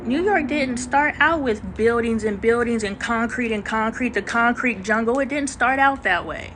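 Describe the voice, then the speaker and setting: A woman's voice: on the high side, normal speed, a bit bright, slight background noise, poor audio. A woman hosting a casual livestream chat, talking in a slangy, emphatic way with preachy asides and greeting viewers. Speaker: livestream host.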